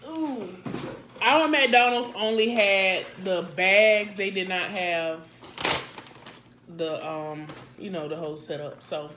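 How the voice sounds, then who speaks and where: This casual mukbang chat comes from a woman, a family vlogger, who talks through her food at home while eating and chattily calls her audience "y'all." Her pitch is medium and her pace slow. There is background noise.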